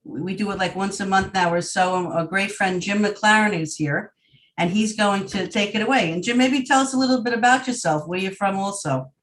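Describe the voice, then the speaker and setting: A woman's voice: mid-range voice, a little fast, a bit bright, recorded from a distance, low-quality recording. Long Island woman hosting a video call. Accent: Long Island New York. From Long Island, New York. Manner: friendly, welcoming, chatty. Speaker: host. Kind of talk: online group event hosting.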